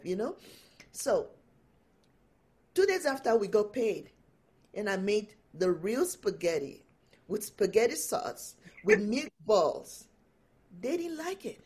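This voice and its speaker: Animated woman telling a story. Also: mid-range voice, a little slow, slight background noise. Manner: animated storytelling, laughs often. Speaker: guest, empowerment coach. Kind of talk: storytelling in an interview.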